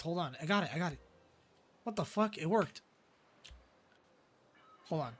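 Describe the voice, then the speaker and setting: Swearing, excitable man streaming. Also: on the high side, unhurried, pauses often. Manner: frustrated, swears constantly, talks to himself. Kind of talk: live game-stream commentary.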